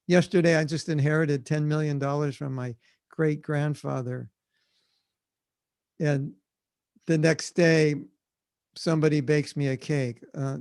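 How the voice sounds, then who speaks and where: An American man giving a devotional seminar talk over a video call, lively, acting out short quoted voices with frequent laughter. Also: fairly high pitch, vocal fry, dry recording. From United States. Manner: animated, acts out little quoted voices and laughs often. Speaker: spiritual teacher.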